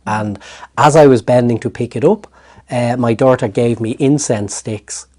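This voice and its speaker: A middle-aged Irish man, a therapist, recounting a personal story in an interview with lively restarts. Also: medium pitch, moderate pace. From Ireland. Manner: animated storytelling with hesitant restarts. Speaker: guest, therapist.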